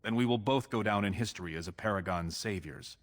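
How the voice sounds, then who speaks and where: An actor with an American accent playing a scheming male dwarf prince in a video game, speaking in a measured, persuasive way. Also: fairly low pitch, lightly acted. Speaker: game character. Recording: game audio with long reverb.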